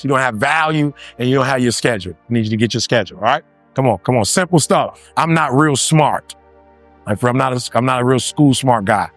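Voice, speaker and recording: A man giving an animated motivational speech, repeating lines for emphasis and acting out other voices. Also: mid-range voice. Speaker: motivational speaker.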